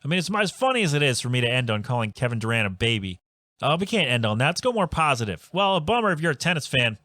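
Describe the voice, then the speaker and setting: A man's voice: mid-range voice, a bit bright, no room sound, studio quality. Rambling, exasperated male podcast host. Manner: rambling, exasperated, self-interrupting. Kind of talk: solo podcast rant. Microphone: home podcast microphone.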